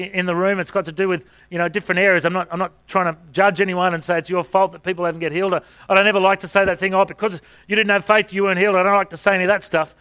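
Bright-voiced man preaching. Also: sits high. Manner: conversational storytelling with rhetorical questions. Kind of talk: sermon.

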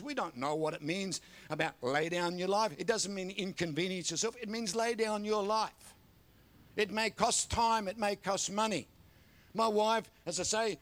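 An older pastor preaches a sermon full of folksy stories, calling out for amens along the way. His voice sits high with a somewhat bright tone.

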